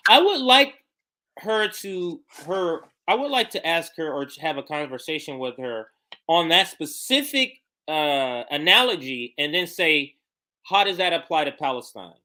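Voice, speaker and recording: A co-host of a political livestream who speaks calmly, agrees readily and makes measured points. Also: medium pitch.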